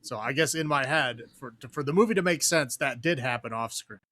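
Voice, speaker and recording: A man co-hosting a podcast, chatting casually and ramblingly about movies and acting out characters in quick quotes. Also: mid-range voice, sharp tone, dry recording. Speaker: podcast co-host. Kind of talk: casual film review chat.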